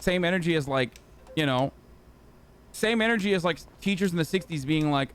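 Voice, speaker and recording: A man's voice: on the high side, animated, fairly quick, pauses often, fairly bright tone, smooth. A man hosting a livestream, ranting in heated, profane, sarcastic reaction commentary. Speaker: livestream host.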